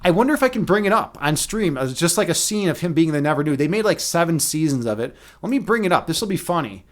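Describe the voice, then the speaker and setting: A man in his thirties hosting a live stream, chatting casually with his viewers, rambling through profane, animated stories and laughing at his own jokes. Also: a little high, quick pace. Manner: many restarts and fillers, animated storytelling.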